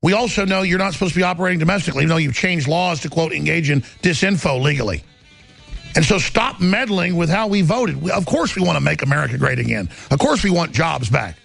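A man's voice: on the high side, lively intonation, quick pace, creaky, faint music behind. A man hosting a talk show, ranting angrily and mockingly in studio commentary, with sneering impressions of others. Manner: angry, mocking, shouting rants with sneering impressions.

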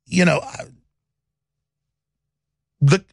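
A man hosting a talk radio show, ranting in an agitated way that swings from mumbling to loud. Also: very slow, no room sound. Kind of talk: heated talk radio monologue.

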